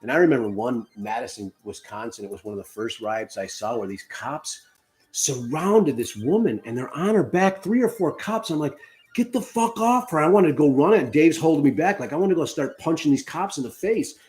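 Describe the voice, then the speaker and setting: Excitable, foul-mouthed middle-aged man. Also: mid-range voice, a little fast. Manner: excitable, profane storytelling. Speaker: podcast co-host. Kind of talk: casual live-stream chat.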